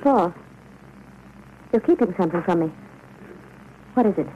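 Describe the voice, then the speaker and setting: A woman's voice: lowish voice, animated, normal speed, a little hiss or hum, natural voice. A woman playing a frightened, devoted mother in a 1940s radio drama, talking in an anxious and imploring way. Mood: uneasy. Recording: muffled old radio broadcast.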